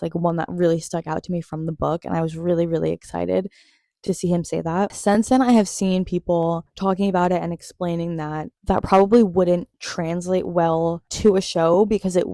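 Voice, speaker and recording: A young woman chats excitedly through a TV recap and gushes over her favorite scenes. Her voice sits a little low and sounds mellow and warm. The sound is dry, with no room echo. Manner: gushing, excitable, laughs often. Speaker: TV recap vlogger. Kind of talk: casual chatty recap.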